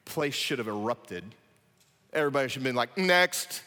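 A man preaching a sermon, animated, acting out scenes with sudden loud excited bursts. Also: medium pitch, a little fast, in a large hall. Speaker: pastor.

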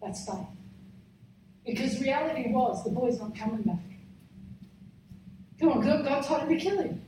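A woman preaching a fervent sermon, often urging "come on" and swinging between shouting and quiet. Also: sits high, animated, normal speed. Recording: echoey hall, speaker far from mic, faint noise.

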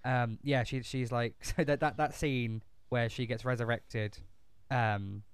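Smooth-voiced man rambling casually. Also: mid-range voice, steady tone, unhurried, dry recording. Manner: rambling and profane, with many fillers and restarts. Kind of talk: casual chat.

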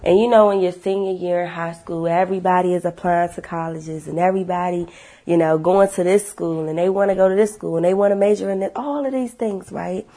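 Husky-voiced woman telling her story emphatically. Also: on the low side, brisk. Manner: animated and emphatic, blunt, swears freely. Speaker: motivational speaker sharing her story. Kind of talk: casual personal testimony to viewers.

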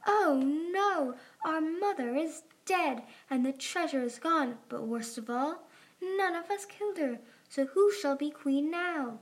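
A woman's voice: a little high, normal speed, a little mellow. A woman voicing a bossy, impatient young female dragon in a storybook reading. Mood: dramatic. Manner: commanding, impatient.

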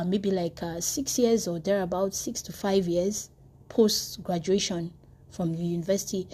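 A woman's voice: mid-range voice, dark tone. A woman preaching a devotional sermon, telling stories earnestly and often restarting her sentences. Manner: earnest storytelling with frequent restarts.

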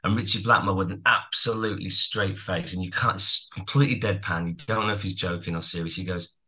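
Man with a very bright, tense voice. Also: sits low, fairly quick, hardly any pauses. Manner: rambling, animated storyteller. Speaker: podcast co-host. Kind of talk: casual chat about music.

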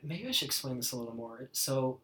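A man's voice: mid-range voice, animated, fairly quick, bright, forceful tone. A man hosting a podcast, chatting casually in a blunt, rambling way with heavy swearing. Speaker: podcast host. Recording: roomy, echoey room.

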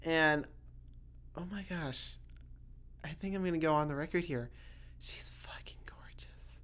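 A young woman hosts her own podcast in a low, fairly bright voice at a moderate pace. She's chatty and casual, rambling, swearing freely, and interrupting herself with constant "like"s and restarts.

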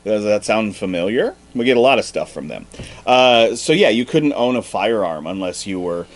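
Animated, joking male podcast co-host. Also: fairly low pitch, normal speed. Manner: animated, swearing, joking asides. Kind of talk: casual comedic history chat.

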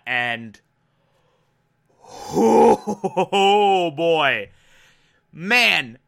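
A man recapping a TV episode in a casual, excitable way, with emphatic bursts into loud exclamations. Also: high-pitched.

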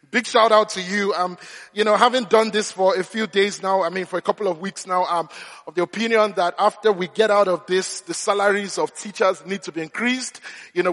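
A man's voice: high-pitched, a bit bright, long reverb tail. A man preaching a sermon, telling humorous, self-deprecating stories. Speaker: pastor.

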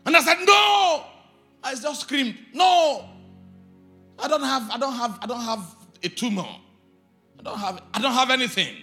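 High-voiced pastor guy preaching, shouty sing-song, faint music behind. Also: fairly quick. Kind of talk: sermon.

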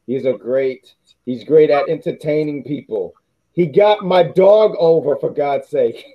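Male podcast co-host, slightly high voice, casual rambling delivery, dull lo-fi recording. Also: a little slow. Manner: rambling, self-correcting, laughs often. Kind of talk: casual wrestling chat.

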